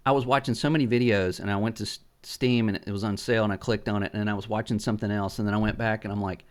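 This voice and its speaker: On the low side and steady in tone, a middle-aged podcast host rambles through gaming stories. He swears freely and stumbles into frequent restarts and filler words.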